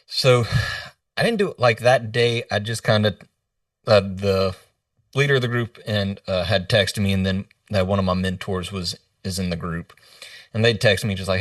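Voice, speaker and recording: Man, low voice, earnest halting storyteller, dry distant video-call sound. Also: no room sound. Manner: earnest, halting retelling with quoted dialogue. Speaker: leadership coach. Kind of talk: podcast interview storytelling.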